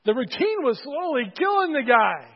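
High husky man preaching casually, church hall reverb, dull sound. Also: big pitch swings, moderate pace. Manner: conversational, joking with congregation. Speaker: pastor. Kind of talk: sermon.

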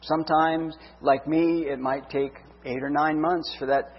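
A man's voice: on the high side, steady tone, a little slow, husky. A man in his fifties giving an earnest sermon testimony, telling his story with heartfelt feeling. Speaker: preacher. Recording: dull echoey hall.

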